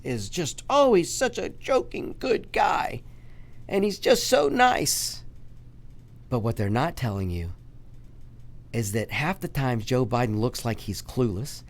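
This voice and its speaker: Male talk radio host, animated pitch, emphatic and repetitive monologue. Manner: emphatic, repetitive, addresses listeners as folks.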